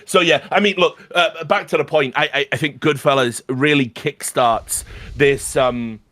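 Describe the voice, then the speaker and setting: A man's voice: a little high, measured pace, a bit bright, dry recording. Podcast guy chatting about movies, stops and starts a lot, dead dry sound. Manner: hesitant, with many fillers and restarts. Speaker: podcast co-host. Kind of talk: casual film discussion.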